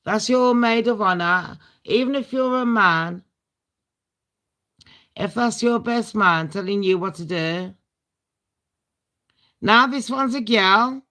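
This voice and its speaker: Give me a British woman chatting casually with her viewers, bright and forceful, blunt and crude. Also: mid-range voice, takes it slowly, pauses often. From Britain. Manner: blunt, profane, laughing asides. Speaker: livestream host. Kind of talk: casual storytime chat.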